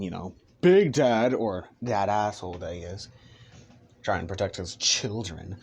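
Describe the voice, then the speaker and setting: A man's voice: fairly low pitch, darkish tone. A young man casually narrating a fan-fiction story in a crude, joking, rambling way.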